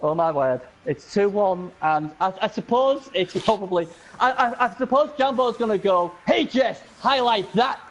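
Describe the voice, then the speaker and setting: Male co-commentator for a game match, high voice, excitable, laughs a lot, repeats himself. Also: normal speed, hardly any pauses, muffled recording.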